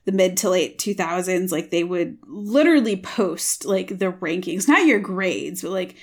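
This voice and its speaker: Lively young woman chatting about books. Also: unhurried. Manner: chatty, many "like" fillers, lively pitch swings. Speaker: podcast co-host. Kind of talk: casual book chat.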